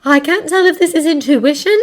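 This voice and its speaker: Woman reader's soft murmuring teen girl. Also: high voice, brisk, pitched above the performer's own voice, lightly acted. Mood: uneasy. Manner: murmuring, shaken. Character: thoughtful teenage girl, soft-spoken.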